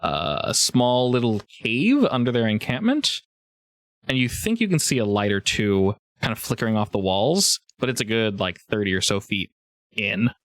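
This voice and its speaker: A man running a tabletop game as game master, narrating in a casual, halting way with many fillers. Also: lowish voice, big pitch swings, dry recording.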